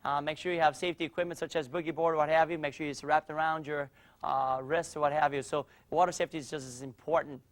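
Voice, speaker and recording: High-voiced energetic martial arts instructor man. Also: fast. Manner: energetic coaching, calls out drills. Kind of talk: teaching a kids' class demonstration. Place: martial arts studio with students.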